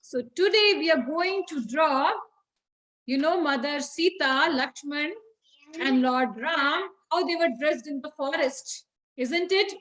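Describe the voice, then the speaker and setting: A woman's voice: sits high, slow pace, fairly bright tone, low-quality recording. A woman, teaching children by retelling a story in a chatty way, with many fillers and questions to the class.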